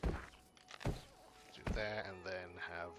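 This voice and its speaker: A man talking slowly through a computer role-playing game as he plays, stopping and restarting his sentences often while he decides. He sounds like a streamer with his mic close. Game music plays clearly behind him the whole time. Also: sits low, huge pitch swings. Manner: halting, many restarts and fillers. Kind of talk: casual gameplay chat.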